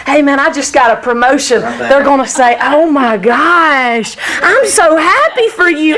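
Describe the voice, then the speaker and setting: Woman, high bright voice, candid church teacher who pokes fun at herself. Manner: candid, self-deprecating, full of rhetorical questions. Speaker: church Bible study teacher.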